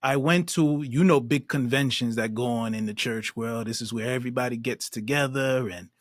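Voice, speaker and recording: A man's voice: mid-range voice, moderate pace, dry recording, clean studio sound. A man, a podcast guest, earnestly recounting a personal story with emphatic, acted-out quotes.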